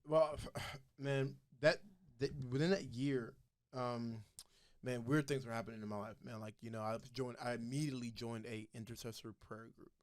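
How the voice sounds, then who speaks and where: A man's voice: medium pitch, fairly even intonation, moderate pace, dry recording. A young man, a podcast guest, telling his faith story in a casual, earnest way and acting out the voices of the people in it.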